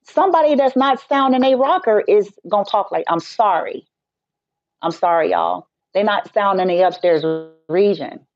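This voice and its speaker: A woman's voice: mid-range voice, lively intonation, normal speed, darkish tone, no echo. A woman who works as a Reiki healer, talking in a casual live-stream rant that is blunt, profane and joking. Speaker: Reiki healer and spiritual teacher. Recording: dull, dry lo-fi sound.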